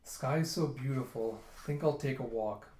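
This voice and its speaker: A man voicing a gentle young princess who speaks softly and wistfully, in a roomy room. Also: mid-range voice, normal speed, close to an everyday voice. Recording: roomy echo.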